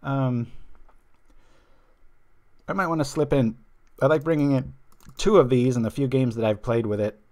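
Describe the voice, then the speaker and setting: A male stream host talking through a card game in an easygoing, wandering way, drifting off topic and circling back. His voice sits at an ordinary middle pitch, and he keeps a relaxed, conversational flow. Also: normal speed, long pauses. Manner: chatty, rambling, loses his train of thought; reads viewer chat aloud. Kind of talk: casual card game commentary.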